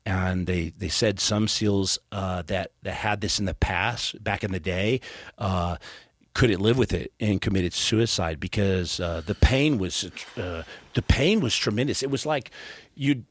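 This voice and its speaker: A man's voice: low-pitched, measured pace, no room sound. A man in his thirties, a podcast guest, telling his story in a casual, earnest way with stammered restarts. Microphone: studio podcast mic.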